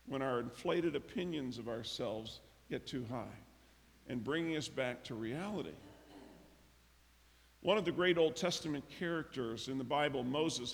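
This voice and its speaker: Pastor preaching in an echoing hall. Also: male voice, mid-range voice, vocal fry. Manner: storytelling, acting out characters' lines with lively emphasis. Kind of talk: sermon. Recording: long reverb of a large hall.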